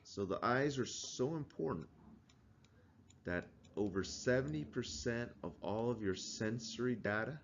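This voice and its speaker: A man with a fairly low voice gives a conversational classroom lecture and keeps asking the students questions. The recording sounds dull and lo-fi, with a faint hiss behind him. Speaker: teacher.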